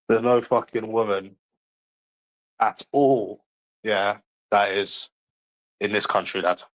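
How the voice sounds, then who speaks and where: A man's voice: fairly low pitch, normal speed, pauses often, rough recording. A man with a London accent chatting casually to viewers on a livestream, blunt and mocking, swearing often.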